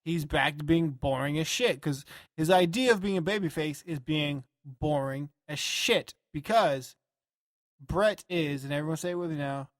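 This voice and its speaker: A man co-hosting a podcast, talking in a rambling, profane and animated way. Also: fairly high pitch, normal speed, no room sound, studio quality. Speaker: podcast co-host. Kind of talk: casual chat.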